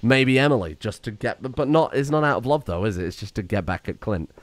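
A young man talks through his game in a loose, sarcastic stream of chatter. His pitch swings widely, jumping high when he swears or gets excited. He curses freely and jokes as he plays. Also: quick pace, dry recording. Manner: sweary, sarcastic, animated outbursts. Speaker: gaming streamer. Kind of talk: casual let's-play commentary.

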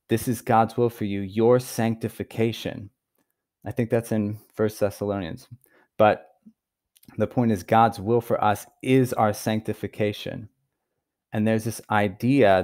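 A man giving an earnest Bible teaching, stressing key words and pausing for emphasis. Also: lowish voice, darkish tone. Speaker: preacher.

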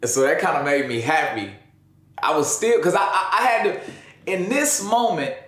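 A man's voice: fairly high pitch, moderate pace, a bit bright. Emotional slangy man, echoey room. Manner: slangy, emotional, repeats "you know what I'm saying". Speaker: father telling his story in an interview. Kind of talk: emotional casual storytelling.

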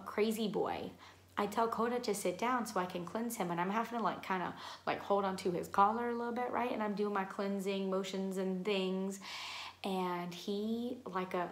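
A woman vlogger recounting her own story in a casual, meandering way. She leans on "like" and "um" as she talks. Her voice sits at an ordinary pitch, and the room around her is echoey. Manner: rambling, heavy use of "like" and "um". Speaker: vlogger telling her own paranormal stories.

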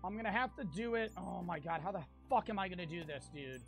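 A young man with an American accent, streaming a game live and talking to his chat, profane and quick to get frustrated. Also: high-pitched, animated, creaky, fairly bright tone, soft background music. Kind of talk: casual livestream gameplay chat.

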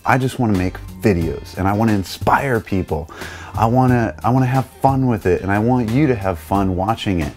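Earnest low-voiced man in his garage. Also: a little fast, a little mellow, faint music behind. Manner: earnest, rambling, candid. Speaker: channel host. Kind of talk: casual vlog talk. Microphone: wireless lapel mic.

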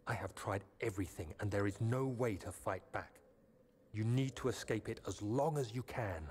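A man's voice: on the low side, normal speed, darkish tone, slight background noise, natural voice. An actor playing a man leaving a solemn, urgent farewell message to his future self in a horror game. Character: grave man recording a farewell to himself.

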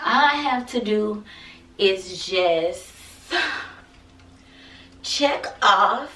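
A woman's voice: mid-range voice, a bit bright, roomy sound, distant mic, slight background noise. A woman with a sore throat chatting playfully with her viewers as a beauty vlogger, teasing and joking as she goes. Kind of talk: casual chat to viewers.

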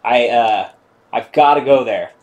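A man's voice: medium pitch, unhurried, a little mellow. A man hosting a casual live stream while working on his bike, rambling and swearing casually as he reads chat aloud.

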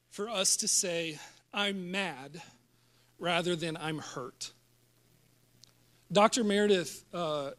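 A young man delivers a sermon with a high, bright voice. He is jokey and animated, and he turns loud and fired up when he gets going. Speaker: pastor. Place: church auditorium.

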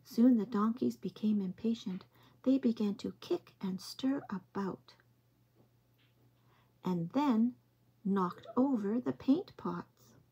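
A woman reading picture books aloud to young children in a slow, gentle, expressive way. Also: a little high, husky, highs cut off. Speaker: early-years storytime reader.

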